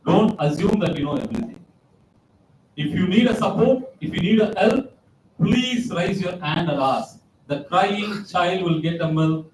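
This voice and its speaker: A man gives a motivational talk, telling stories and driving points home by repeating them. His voice sits a bit higher than most men's. It is picked up from a distance in a roomy, echoing hall with a faint hum of ambience. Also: lively intonation, a little slow, darkish tone. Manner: anecdotal, repeats key phrases for emphasis. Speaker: guest speaker.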